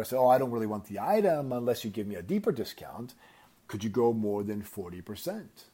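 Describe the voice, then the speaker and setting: A man hosting a podcast, telling a story in a casual, animated way and acting out the quoted lines. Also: medium pitch, fairly quick, husky. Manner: animated anecdote with acted-out quotes. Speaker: podcast host.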